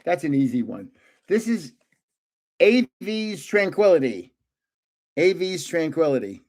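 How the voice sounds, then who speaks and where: A man's voice: a little high, big pitch swings, unhurried, darkish tone. An older man hosting a casual live stream, chatting and joking as he guesses card names aloud. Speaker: livestream host opening trading cards.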